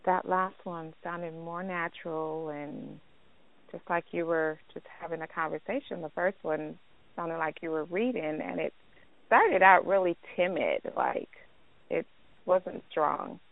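A woman's voice: on the low side, a little slow, creaky. A woman in her forties, a coaching client, giving brief replies and laughing easily. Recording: tinny phone line.

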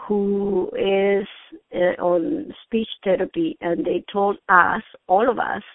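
An older woman from Venezuela with a Spanish accent, talking quickly and sweetly, a little apologetic. Her pitch sits in a middle range. The sound is dry and tinny, like a phone line. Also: steady tone, no echo. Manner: sweet, apologetic, talks fast. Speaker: sales trainee. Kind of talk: practice sales call.

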